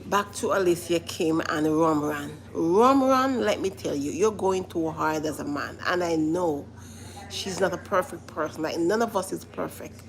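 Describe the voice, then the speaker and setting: A woman's voice: low voice, normal speed, creaky, rough recording. A woman giving casual commentary to live viewers, earnest and repetitive, often stopping to say listen. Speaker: vlogger reacting to a reality show.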